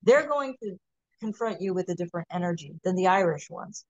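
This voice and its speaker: A woman's voice: lowish voice, animated, fairly quick, no room sound, muffled recording. A woman hosting a casual podcast, explaining ideas through everyday comparisons. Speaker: podcast host.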